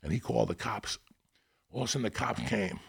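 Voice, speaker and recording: Brief: raspy, low-pitched man, profane guest storyteller. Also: fast. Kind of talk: storytelling in a conversation.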